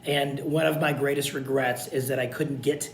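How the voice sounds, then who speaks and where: A man's voice: steady tone, moderate pace. A man recording a video lecture for his college class, talking informally and checking in with "okay?" again and again. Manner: repetitive, informal, frequent "okay?" check-ins. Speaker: college instructor. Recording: echoey room with faint rumble.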